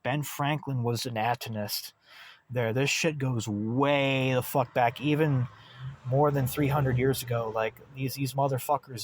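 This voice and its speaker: An American man giving an impassioned, profane political rant on his channel, swinging between loud outbursts and low muttering. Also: dry recording. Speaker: channel host.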